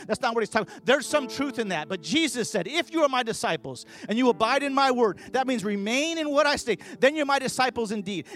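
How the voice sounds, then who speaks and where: A man's voice: extremely high pitch, lively intonation, quick pace, few pauses, a bit bright. A man preaching a sermon, telling stories and building to fervent emphasis. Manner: storytelling, rising to fervent emphasis.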